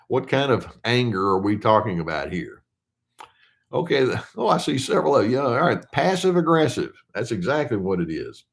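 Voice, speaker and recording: An older man with a lowish voice talks through viewer questions as a therapist. His delivery is conversational and easygoing, full of ums, uhs and restarted phrases, and he slows right down when he reads a question aloud. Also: expressive, vocal fry. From United States. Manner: conversational, with frequent fillers and restarts. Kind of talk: casual explanatory talk.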